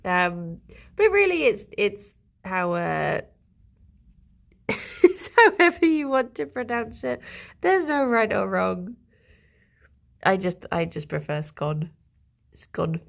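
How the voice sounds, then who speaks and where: Slow, gravelly-voiced giggly woman. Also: medium pitch, big pitch swings. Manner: chatty and giggly, talking to her pet rabbits. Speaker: livestreamer. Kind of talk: casual chat to a live audience. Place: home, with pet rabbits.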